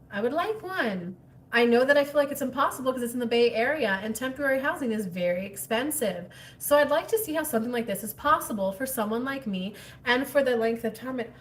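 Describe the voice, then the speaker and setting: A woman hosting a casual livestream as a spiritual coach, reading viewer comments and answering in a chatty, animated way. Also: a little high, brisk, far from the mic, a little hiss or hum. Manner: chatty, animated, drops into whispers.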